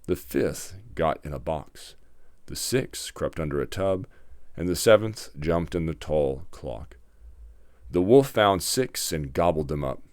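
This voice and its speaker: A man narrating a fairy tale in a measured, dramatic storybook reading. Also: a bass voice, no room sound.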